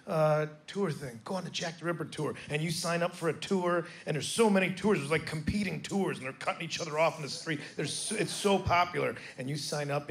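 A man's voice: fairly high pitch, gravelly, fairly bright tone. A man from the United States doing a stand-up set in a rambling, musing way with frequent hedges, on a live recording with audience noise. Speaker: stand-up comedian. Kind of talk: stand-up comedy.

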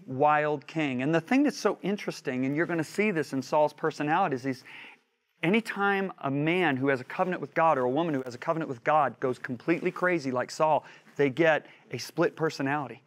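A man with a notably high voice teaches a Bible lesson through lively storytelling. He acts out the voices of the people in his stories and drives his points home by repeating phrases. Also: brisk. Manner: animated storyteller who acts out quoted voices; builds emphasis by repeating phrases.

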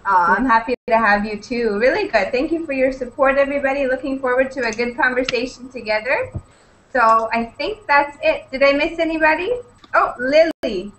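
On a low-quality recording, a young woman with a high, slightly bright voice speaks at a moderate pace. She teaches English conversation online and, in her cheerful class chat, welcomes each student individually; she comes from British Columbia, Canada.

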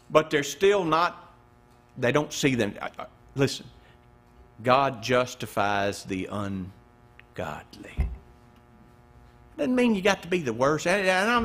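Male pastor, high and lively voice, emphatic pulpit preaching with sudden soft drops. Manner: preaching with wide swings between loud emphasis and hushed low passages. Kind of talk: sermon. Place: church.

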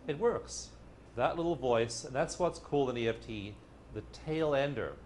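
A man's voice: medium pitch, lively intonation, moderate pace, darkish tone. Guy teaching a workshop, joking around, mid voice, bit of room hiss. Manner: playful, joking, acts out inner voices. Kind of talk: lively teaching talk to a live audience.

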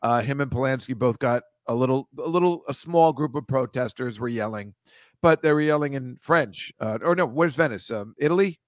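A man's voice: mid-range voice, brisk, no echo. Profane, rambling male comedy host. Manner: rambling, profane, sarcastic asides. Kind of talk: casual comic riffing.

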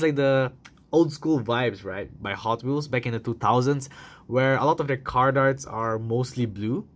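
A young man casually reviewing toy cars in a chatty, enthusiastic vlog style, full of fillers. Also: medium pitch.

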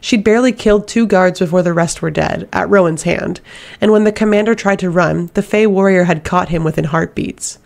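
A woman narrating a fantasy novel as an audiobook reader, in a steady, even reading voice. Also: lowish voice, fairly quick, vocal fry.

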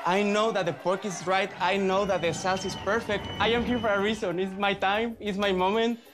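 A man competing on a cooking show, speaking with emotional, nervous excitement. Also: high-pitched, normal speed. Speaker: contestant. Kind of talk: confessional interview. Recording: music bed under speech.

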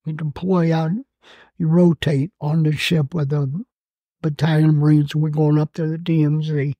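A man in his eighths decade, a Marine veteran, telling his story in an oral-history interview, halting and emotional with many fillers and restarts. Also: fairly high pitch, little pitch movement, no room sound, dull audio. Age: 80s.

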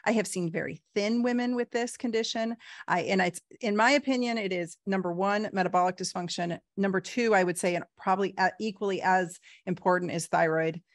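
A woman in her forties talks with frank, lively energy, punching points with emphatic bursts and easy laughs. Her voice sits in a middle register, and the sound is dry and close with no room around it. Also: medium pitch, fairly quick, dry recording. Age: 40s. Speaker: guest doctor. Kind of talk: casual interview talk.

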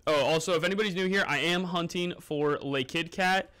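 Chatty male streamer with bright voice. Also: on the high side, brisk, clean tone. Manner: chatty, greets viewers by name, eats while talking. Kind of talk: casual live-stream chat. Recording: music playing underneath.

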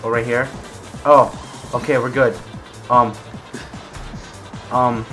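A young man giving gameplay commentary, swearing, swinging between low mutters and raging shouts. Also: little pitch movement, slow, faint music behind. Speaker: gaming video creator.

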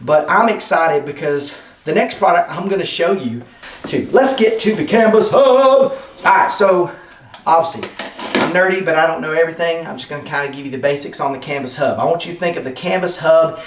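An enthusiastic man rambles through a casual unboxing, chatting to his viewers like friends. His voice sits a little high for a man. He stands back from the mic in an echoey indoor room. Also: a little fast, a bit bright, recorded from a distance. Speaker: product reviewer. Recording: roomy sound, off-mic.

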